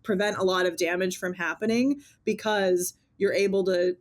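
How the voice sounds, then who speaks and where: A woman in her thirties co-hosts a podcast as a clinician. She talks in a lively, conversational way and slips into a higher voice when she acts out snippets of dialogue. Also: moderate pace. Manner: animated, acts out quoted dialogue in raised voice.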